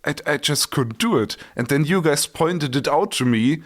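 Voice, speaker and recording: A man's voice: on the high side, lively intonation, normal speed. Man chatting casually, laughing at himself. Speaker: podcast co-host. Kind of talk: casual chat.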